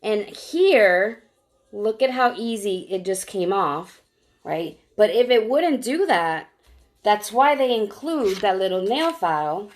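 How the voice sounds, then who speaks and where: A woman's voice: medium pitch, lively intonation, slow, faint music behind. A woman with a mid-range voice hosts a casual live-stream demo, explaining each step as she works. She chats easily and calls out to viewers by name. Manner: chatty, walks viewers through each step; greets viewers by name while demonstrating. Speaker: nail strip seller.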